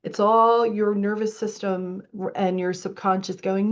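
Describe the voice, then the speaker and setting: A woman's voice: medium pitch, steady tone, measured pace, few pauses, highs cut off. A woman as a spiritual coach leading a live online masterclass, reading out participants' comments and urging them on emphatically.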